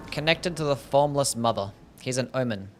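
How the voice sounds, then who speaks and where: A man's voice: a little high, a little hiss or hum. Laid-back young male streamer. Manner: laid-back, swears, reads chat. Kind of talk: casual gameplay commentary.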